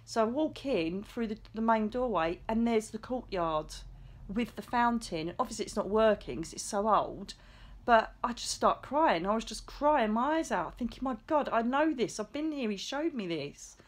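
Chatty, excitable woman storyteller. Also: a little high, normal speed. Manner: chatty, excitable, swears casually, acts out quoted lines. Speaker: psychic medium vlogger. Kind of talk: casual storytelling monologue.

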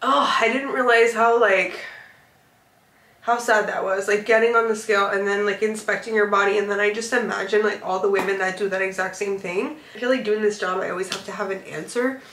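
A woman's voice: mid-range voice, steady tone, fairly quick, fairly bright tone, roomy sound. A young woman vlogger talking candidly and emotionally, rambling with lots of fillers. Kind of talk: candid confessional vlog chat. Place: car.

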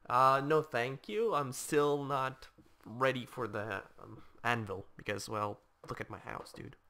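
A man giving casual let's-play commentary, reacting aloud to the game in a chatty, excitable way while attempting a put-on English accent. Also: medium pitch, unhurried. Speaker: gameplay commentator.

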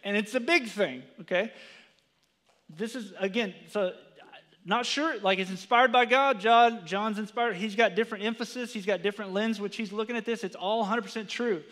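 A man preaching a sermon in a conversational way, often asking "right?" and "okay?", and going quiet when he quotes scripture. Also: sits high, normal speed. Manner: drops to a hushed tone for quoted scripture. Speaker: pastor. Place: church sanctuary. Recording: long reverb of a church sanctuary.

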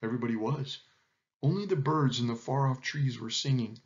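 A man reading a children's animal story aloud in an expressive, animated way. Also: medium pitch, normal speed. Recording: dull lo-fi recording.

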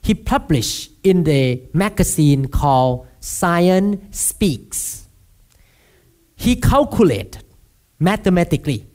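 A man's voice: sits high, sing-song, takes it slowly, dark tone. A man from Thailand with a Thai accent, preaching a sermon as pastor and regularly asking the congregation to answer back. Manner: asks the congregation for responses, self-deprecating humor.

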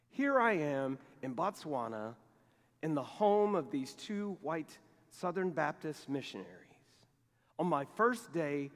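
A middle-aged male pastor preaching a sermon, telling a personal story in a lively way and acting out the dialogue. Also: fairly high pitch. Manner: animated storytelling, acts out quoted dialogue. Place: large church sanctuary. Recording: long reverb of a church sanctuary.

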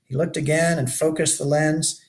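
A man's voice: a little high, normal speed. Man reading a children's story aloud. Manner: expressive storyteller, brief asides to listeners. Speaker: author.

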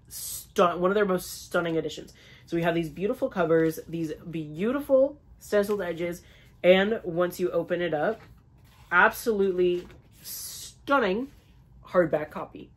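Guy doing a book haul vlog, gushy and chatty, says like a lot, dramatic little jokes. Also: fairly high pitch. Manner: gushing, chatty, lots of "like" and "stunning"; playfully dramatic asides. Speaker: book vlogger. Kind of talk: casual book haul chat.

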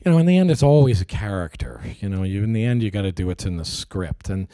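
A man's voice: lowish voice, animated, fast talker, dark tone, no room sound, clean studio sound. A middle-aged man answering interview questions in a casual, hesitant way, acting out people he quotes. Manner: hesitant, restarts, acts out quoted voices animatedly. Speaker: actor interviewee.

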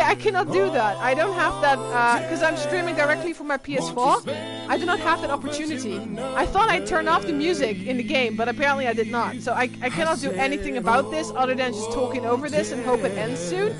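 A young woman streams a game live, talking in a high voice that rambles and swears when flustered. Loud game music plays beneath her the whole time. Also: fairly quick. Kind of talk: live gameplay commentary.

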